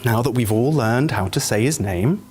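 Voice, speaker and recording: A man's voice: mid-range voice, expressive, moderate pace, darkish tone, slight background noise. A man acting as a flustered, stammering interviewer in a comedy skit.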